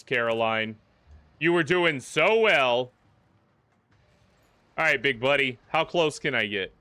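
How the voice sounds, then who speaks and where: A man's voice: medium pitch, sharp tone, dry recording. A man hosting a gaming livestream, chatting casually and joking with the game characters as he plays. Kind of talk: casual live commentary.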